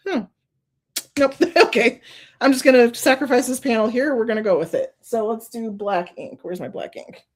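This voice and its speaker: A woman's voice: on the high side, normal speed. A woman hosting a card-making stream, chatting casually and laughing often as she thinks aloud while working. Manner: gushing, openly emotional. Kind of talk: casual crafting demonstration.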